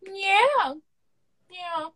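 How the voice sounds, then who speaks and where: A young woman co-hosting a casual podcast, telling a story with lively slang and acting out the quoted dialogue. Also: very high-pitched, extremely slow. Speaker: podcast co-host.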